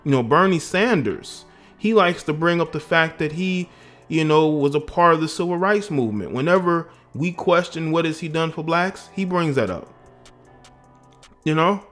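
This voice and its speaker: A man's voice: a little high, animated, normal speed, fairly bright tone, soft background music. A man from the American South giving emphatic, indignant political commentary on his own vlog, often restarting his phrases.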